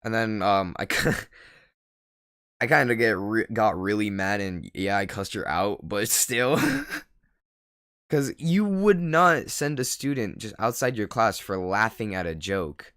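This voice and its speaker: Low, smooth-voiced teen boy telling a story. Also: lively intonation, slow, a bit bright, dry recording, clean studio sound. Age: teens. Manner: rambling, filler-heavy, laughs at own story. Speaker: vlogger. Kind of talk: casual storytelling.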